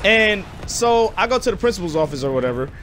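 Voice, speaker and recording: Young man, gaming YouTuber, slangy and animated, slightly high voice. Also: quick pace, a little hiss or hum. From Detroit, USA. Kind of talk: casual storytelling over gameplay.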